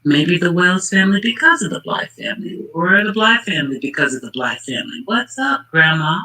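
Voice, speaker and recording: A man talks through a true-crime case in casual commentary. His voice sits high and sounds bright and forceful. He gets worked up and emphatic, speaking straight to the people involved. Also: big pitch swings, brisk, poor audio. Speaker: channel host.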